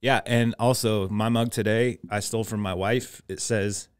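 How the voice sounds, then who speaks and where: Lower-voiced man, playful and teasing. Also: steady tone, normal speed, clear, resonant tone, no echo, studio quality. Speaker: pastor and podcast co-host. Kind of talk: casual podcast chat.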